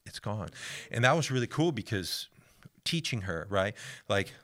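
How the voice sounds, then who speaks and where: Low-voiced man telling a faith story. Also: normal speed. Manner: animated, drops to a hush for quoted voices. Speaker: guest sharing a ministry story.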